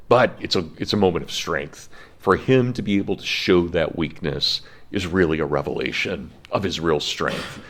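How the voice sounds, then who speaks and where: A deep-voiced, middle-aged professor lecturing in a classroom. He tells his story earnestly and gets emotional, his voice cracking now and then. The sound is plain and close to the speaker. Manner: earnest storytelling, breaks into laughs when moved. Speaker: college professor.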